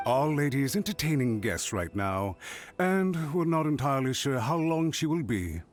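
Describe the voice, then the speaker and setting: A man voicing a polite, deferential retainer in a video game. His intonation rises and falls freely at a middle pitch. Light music plays behind him. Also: big pitch swings, moderate pace, close to an everyday voice. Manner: courteous, deferential.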